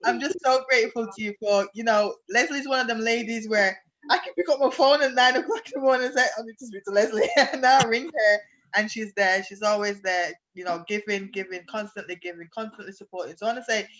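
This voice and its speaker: A woman's voice: on the high side, a little fast, fairly bright tone, highs cut off. A woman guest on a video call, speaking with effusive, heartfelt praise in a casual chat.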